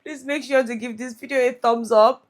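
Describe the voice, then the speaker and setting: A woman's voice: fairly high pitch, fairly even intonation, moderate pace. A woman vlogger recapping a reality show in a chatty, casual way, often laughing.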